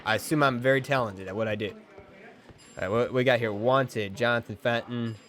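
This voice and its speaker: A man livestreaming a video game, commenting casually and excitedly, joking and talking to his chat. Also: medium pitch, normal speed. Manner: excitable, jokey, talks to chat. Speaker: game streamer. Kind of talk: casual live gameplay commentary.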